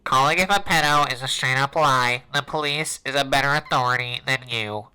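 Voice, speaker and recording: A man's voice: medium pitch, normal speed, pushed and bright, smooth, poor audio. A man reading out a smug, self-righteous man's defence in a sneering mock voice.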